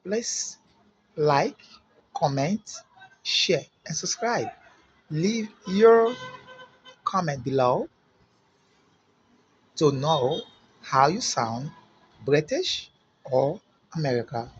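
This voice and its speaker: A video creator running a casual quiz for viewers, greeting in several languages and spelling words out slowly letter by letter. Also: mid-range voice, big pitch swings. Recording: dull lo-fi recording with faint background noise.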